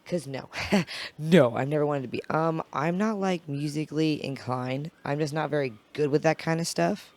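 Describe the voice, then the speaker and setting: Raspy-voiced woman chatting loosely. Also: deep voice, normal speed, darkish tone. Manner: loose, rambling and profane. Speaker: podcast guest. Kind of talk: casual podcast chat.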